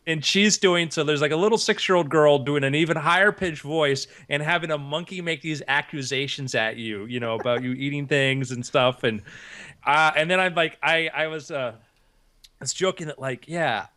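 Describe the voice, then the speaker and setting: A man co-hosting a podcast, telling stories in a lively way. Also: fairly high pitch, moderate pace. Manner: animated storyteller acting out quotes. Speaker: podcast co-host. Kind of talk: casual storytelling chat.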